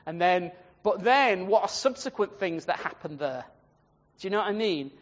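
A man's voice: sits high, animated, normal speed. A man giving a chatty, rambling Bible study talk, often turning to his listeners directly. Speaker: Bible teacher. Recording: dull, muffled, long hall echo.

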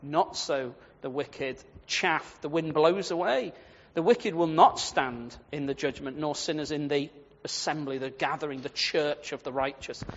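A man preaching a sermon on the Psalms, lively and animated, acting out quoted voices and laughing at his own points. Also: fairly high pitch, measured pace. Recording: dull lo-fi sound with long hall reverb.

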